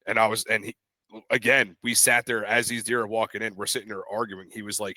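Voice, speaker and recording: A man's voice: on the low side, fairly quick, no room sound. A young man co-hosting a podcast, casually telling a story and acting out the voices of the people in it. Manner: animated, acts out quoted voices in his stories. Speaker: podcast co-host.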